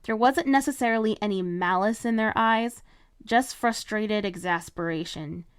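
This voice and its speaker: A woman narrating her own fan-written story in a measured, even storytelling voice. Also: mid-range voice, clean tone. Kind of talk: fan fiction read-aloud narration.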